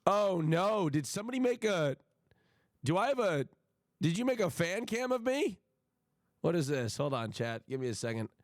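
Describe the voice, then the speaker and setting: A man's voice: sits high, moderate pace, no room sound, studio quality. A man livestreaming in casual chat, swearing a lot and swinging into mock outrage, at his home stream setup. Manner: profane, excitable, mock-outraged.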